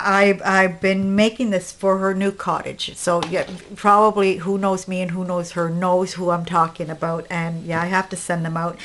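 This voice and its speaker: A woman's voice: medium pitch, a bit bright. A woman crafting vlogger showing her projects in a casual, rambling talk full of fillers and restarts, short of breath. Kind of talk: casual show-and-tell vlog.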